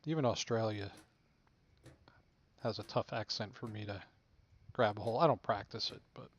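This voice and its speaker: A man's voice: lowish voice, moderate pace, lo-fi sound. A man talking casually to himself while playing a video game, laid-back and muttering. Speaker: game streamer. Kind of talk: casual gameplay commentary.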